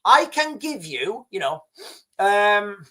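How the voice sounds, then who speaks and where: Speaking at a slow pace in a high, sharp voice, a very animated man hosts a livestream. He gives his viewers blunt, emphatic advice, repeating points with many restarts and fillers.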